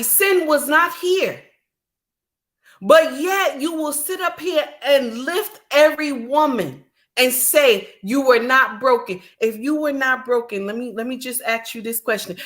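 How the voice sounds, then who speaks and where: Woman, indignant rant, repeats herself, higher pitch, slow. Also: a bit bright. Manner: indignant, repetitive, preachy. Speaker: commentator. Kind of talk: ranting monologue.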